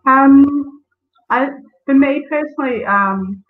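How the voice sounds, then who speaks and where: A woman's voice: high-pitched, slow pace. Woman guest, chatty storyteller, heard over a thin phone-like video call. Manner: storytelling, lots of fillers. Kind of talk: casual interview. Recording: tinny phone-like call audio.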